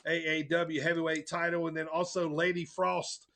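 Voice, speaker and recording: A man co-hosting a casual wrestling podcast, his voice high and bright with a gravelly edge. He runs through the show's rundown in an upbeat way, full of filler words. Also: flat delivery, moderate pace. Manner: upbeat, filler-heavy rundown with many uhs. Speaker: podcast co-host.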